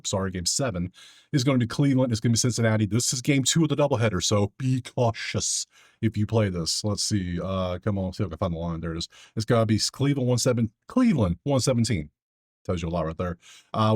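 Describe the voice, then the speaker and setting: A man's voice: fairly low pitch, a little mellow. A man hosting a casual sports betting breakdown, talking to himself as he clicks through his sheets. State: out of breath.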